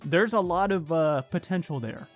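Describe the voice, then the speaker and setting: A man co-hosting a casual podcast, relaxed and full of fillers like "like" and "man". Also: on the high side. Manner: relaxed, filler-heavy, drawn-out. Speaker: podcast co-host. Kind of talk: casual podcast review chat. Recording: lo-fi music bed underneath.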